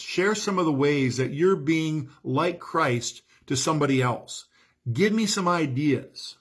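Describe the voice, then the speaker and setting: Earnest pastor giving a calm sermon. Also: male voice, medium pitch. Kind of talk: recorded sermon message.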